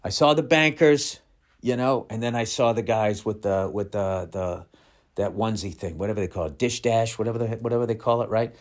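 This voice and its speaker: A man's voice: on the low side, fairly quick. A middle-aged male comedian telling a rambling, profane, self-mocking story in a podcast monologue.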